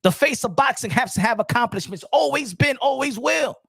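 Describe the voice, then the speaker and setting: A man's voice: very high-pitched, lively intonation, fairly quick, creaky, a bit bright, husky, no room sound. A man hosting a boxing talk show, ranting emphatically and switching between English and Spanish. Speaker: boxing channel host. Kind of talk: animated rant.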